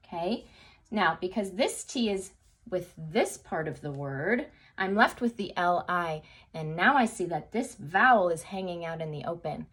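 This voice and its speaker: A woman's voice: on the low side, breathy edge. A woman teaching a phonics lesson to young children, sing-song and encouraging, often checking in with an okay. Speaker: second grade teacher.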